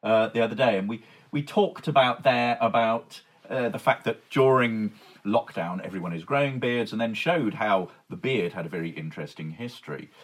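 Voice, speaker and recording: A man co-hosting a history podcast, praising his partner's segment and then leading into a new topic. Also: lowish voice. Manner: warmly approving, brisk. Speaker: podcast co-host. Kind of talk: casual chat, steering the episode.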